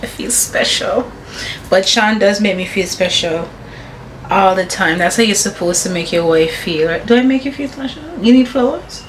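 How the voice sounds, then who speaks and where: A woman in her thirties with a Caribbean English accent, chatting casually to her viewers and her husband at home, giggly and warm. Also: medium pitch, normal speed, slight background noise. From Caribbean, grew up in Anguilla. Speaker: vlogger. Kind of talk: casual home vlog chat. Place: home, indoors.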